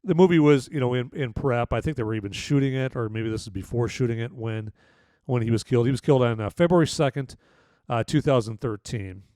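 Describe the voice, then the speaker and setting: A man's voice: mid-range voice, a little fast, warm tone, no room sound. A man with a mid-range voice casually talks through a film review, rambling and looping back with filler phrases. The recording is dry and close-miked, with no room sound. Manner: rambling, full of "you know" and restarts. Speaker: podcast host and movie reviewer.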